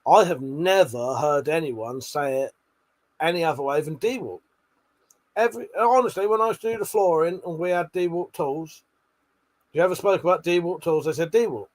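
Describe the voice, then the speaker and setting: A man's voice: on the high side, moderate pace. Sweary, jokey man chatting on stream. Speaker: livestream host reading chat. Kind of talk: casual late-night livestream chat.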